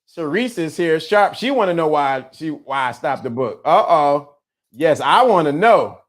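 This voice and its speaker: A man hosts a casual livestream and talks straight to his chat. He teases and laughs often. His voice sits a little high for a man. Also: unhurried. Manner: animated, teasing, laughs often. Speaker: livestream host. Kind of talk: casual live-stream chat.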